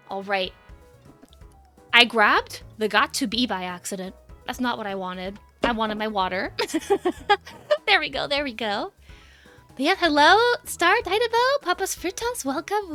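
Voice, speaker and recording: A young woman with a high, bright voice chats casually on a livestream, giggly and bubbly as she greets viewers. Her tone is crisp and forward on a desk mic. Faint music plays underneath. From United States. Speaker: VTuber streamer. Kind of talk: casual stream chat.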